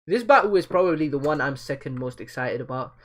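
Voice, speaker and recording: A young man with a slightly high voice joking his way through a live manga read, slangy and loose. His asides come quick and casual, full of banter. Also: animated. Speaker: manga reader and reactor. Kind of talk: live reading and reaction.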